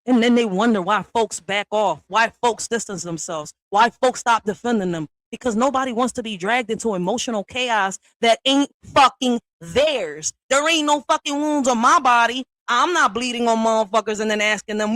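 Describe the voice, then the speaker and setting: A woman delivers a blunt, profane response rant aimed at another creator, frequently ending lines with "all right?" and swinging from low and quiet to loud and high. She keeps a moderate pace with few pauses, and the recording is dry and poor in quality.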